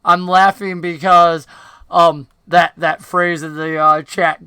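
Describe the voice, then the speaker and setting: A man narrating a tabletop fantasy game as game master, talking in a chatty, enthusiastic way with lots of fillers. His voice is bright and fairly high, and the sound is dry and close. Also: flat delivery, slow pace, clean tone, no echo.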